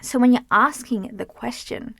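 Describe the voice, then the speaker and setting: A young woman coaching on self-help in a casual, animated way, swearing now and then and acting out the voices in her head, talking from inside a closet full of clothes. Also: fairly high pitch, normal speed, vocal fry, husky, no room sound, studio quality. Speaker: healing coach.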